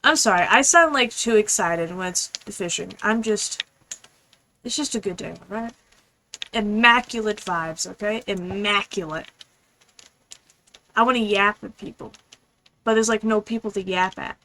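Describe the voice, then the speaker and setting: A young woman streaming a game, chatting casually in a rambling, fast, apologetic way. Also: mid-range voice, fairly bright tone, a little hiss or hum, rough recording. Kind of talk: casual gaming stream chat.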